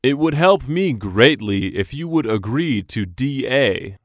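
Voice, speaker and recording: Male reader for lesson dialogues: slow, clearly enunciated, lively intonation, dry studio sound. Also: mid-range voice, dry recording. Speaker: dialogue reader for English practice. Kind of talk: scripted business dialogue reading.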